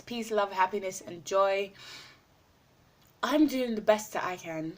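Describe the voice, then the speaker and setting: A woman chats in a casual video diary, warm and effusive, piling up fillers and repeating her words. Her pitch sits in a middle range, and she sometimes talks with food in her mouth. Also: unhurried, long pauses. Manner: talks while eating. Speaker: vlogger.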